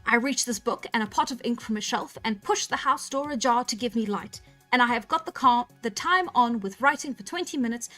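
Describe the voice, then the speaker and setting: Woman reading a novel aloud on a stream, kinda high voice, faint music behind. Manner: relaxed and chatty, laughing at her own slips. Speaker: storyteller.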